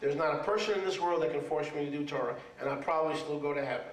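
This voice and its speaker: Brief: man, rabbi delivering a sermon, raised pitch, emphatic and repetitive, echoey room, mic far off. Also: racing. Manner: emphatic, repeats words for stress, asks the audience for agreement. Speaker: rabbi teaching a congregation.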